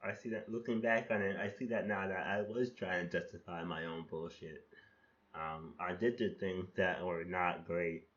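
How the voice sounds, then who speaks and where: A man's voice: low voice, steady tone, normal speed, fairly bright tone, highs cut off. A man hosting a podcast, talking casually and critically about his past self, rambling with restarts and casual swearing. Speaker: podcast host reflecting on his own poems. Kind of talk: casual reflective monologue.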